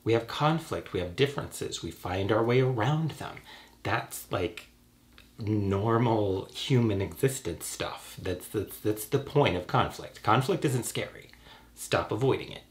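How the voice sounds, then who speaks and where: A young man with a cold, talking straight to camera in a sarcastic, profane, animated rant. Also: on the low side, measured pace. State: has a cold. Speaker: YouTuber. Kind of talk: ranting casual vlog.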